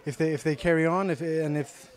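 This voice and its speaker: A young man with a slight Irish-tinged accent, speaking English as a second language, answering interview questions softly with many pauses and fillers in a gym. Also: fairly high pitch, fairly even intonation. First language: Icelandic. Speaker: interviewed fighter. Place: sports gym.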